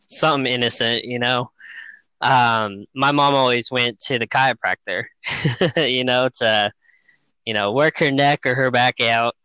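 A man's voice: mid-range voice, a little slow, clean tone, no echo, low-quality recording. A man casually telling a personal story, laughing often and acting out the quotes. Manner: laughs often, animated retelling with quoted voices.

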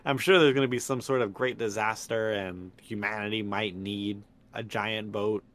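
A man's voice: fairly low pitch, fairly even intonation, moderate pace, fairly bright tone. A man co-hosting a podcast in casual chat, easygoing, laughing often and restarting his sentences. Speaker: podcast co-host.

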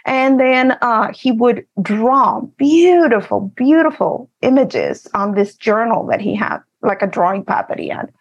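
A woman from Texas, an author, telling a personal story in an animated, laughing way. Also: a little high, measured pace, hardly any pauses, dull audio. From Eagle Pass, Texas. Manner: animated, laughs often while telling stories. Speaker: author and guest. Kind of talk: casual storytelling.

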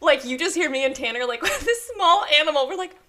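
Podcast co-host, woman, bright and slightly high voice, animated chatty storyteller. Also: fast talker. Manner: animated storyteller, lots of "like", laughs often. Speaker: wedding photographer and mother. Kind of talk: casual chat.

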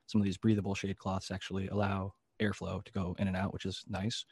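A man explaining greenhouse growing in casual chat, quick and full of fillers. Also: low voice, flat delivery, darkish tone, husky, no echo. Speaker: grower.

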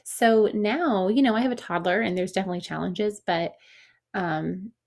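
A woman in her thirties hosting a podcast in casual chat, chatty and upbeat, laughing quickly and breaking off her sentences. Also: mid-range voice, creaky. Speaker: podcast host.

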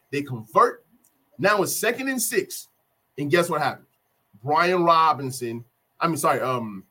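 Husky-voiced man excitedly recapping a game. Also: fairly high pitch. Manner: animated, repeats key plays for emphasis. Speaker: sports fan vlogger.

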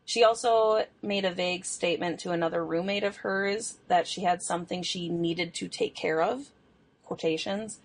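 A young woman co-hosting a podcast, casually telling a true crime case, chatty and quick to laugh. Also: on the low side. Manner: chatty storytelling, laughs often, swears. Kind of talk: casual chat.

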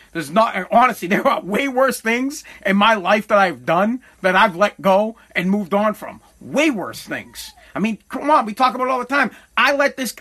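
High, bright-voiced man telling a regretful story. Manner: rambling, profane, self-correcting; heavy with regret. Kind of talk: candid personal storytelling.

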